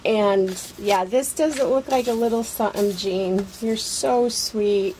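A woman unboxing a package on her craft vlog, gushing with excitement and many fillers. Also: mid-range voice, slow, a little hiss or hum, poor audio. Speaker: craft vlogger.

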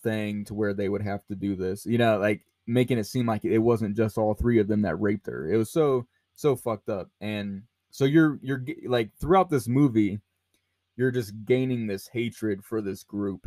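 A man's voice: lowish voice, normal speed, darkish tone, no echo. A man hosting a podcast, talking about a film casually with lots of fillers and restarts. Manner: rambling, many fillers and restarts. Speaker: podcast host.

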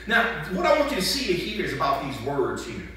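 A man preaching a sermon as pastor, moving from conversational talk to passionate shouting and asking the congregation questions. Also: fairly high pitch, moderate pace. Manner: animated, rhetorical questions to congregation. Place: church sanctuary. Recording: echoey church hall from far off.

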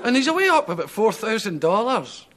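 A Scottish man with a high voice that jumps all over the place spins rambling comic stories and keeps chuckling as he goes. It is an old 1970s TV studio recording, with audience laughter rolling behind him and a steady hiss. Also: a little fast, crowd noise. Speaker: talk show guest. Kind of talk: comic anecdote storytelling.

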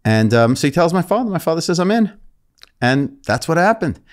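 A man's voice: fairly high pitch, big pitch swings, fast talker. A man in his fifties, born in England, with a New York accent, telling stories and joking as a podcast guest. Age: 50s. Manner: storytelling, joking, laughs easily. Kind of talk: casual interview.

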